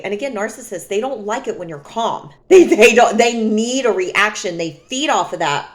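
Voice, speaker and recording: Slow, deliberate woman telling a story. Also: fairly high pitch. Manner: calm, emphatic, dramatic retelling. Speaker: vlogger. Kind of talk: storytime monologue.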